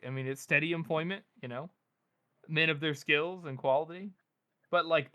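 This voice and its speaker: A man co-hosting a podcast in excitable casual chat, quick to laugh. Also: fairly high pitch. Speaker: podcast co-host.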